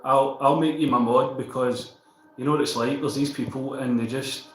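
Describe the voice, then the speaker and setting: A man's voice: mid-range voice, fairly even intonation, normal speed, roomy sound, soft background music, low-quality recording. A Scottish man chatting casually with viewers on a livestream, reading out and answering their comments.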